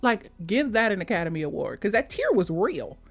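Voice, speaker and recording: A woman chatting casually as a vlogger, gushing about a film in slangy talk, switching between high mock voices and soft whispers. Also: big pitch swings, a little fast, soft background music. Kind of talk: casual chat.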